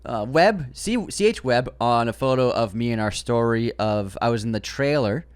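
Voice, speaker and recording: A man's voice: medium pitch, animated, moderate pace, smooth. A man co-hosting a movie podcast, reading listener comments aloud in casual chat and laughing often. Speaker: podcast co-host.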